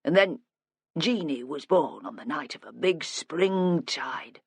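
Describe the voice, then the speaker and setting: A subdued, plain-spoken older father, as a narrator voices him, weighed down by guilt and pausing as he remembers. The voice sits lower and softer than the narration, close and dry. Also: lively intonation, breathy edge, no echo, heavily acted. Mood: reminiscing. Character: grieving older father, quiet and guilt-ridden.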